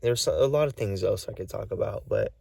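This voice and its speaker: A tired, short-of-breath man talking to camera in a halting, rambling monologue, full of restarts. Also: lowish voice, animated, creaky, mellow, recorded from a distance, a little hiss or hum. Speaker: vlogger.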